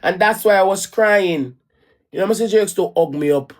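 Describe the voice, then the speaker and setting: A woman vlogger from the Caribbean, with a Jamaican accent, speaks in a mid-range voice at normal speed. She tells a personal story as a casual, rambling rant, restarting, repeating phrases and swearing bluntly.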